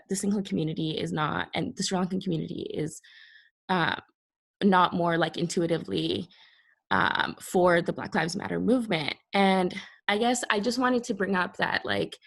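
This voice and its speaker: A woman with a lowish, gravelly voice speaks over a video call. She talks haltingly and stops often to find her words. Her pitch sits a little below the middle. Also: a bit bright. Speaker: participant. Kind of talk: casual video call discussion.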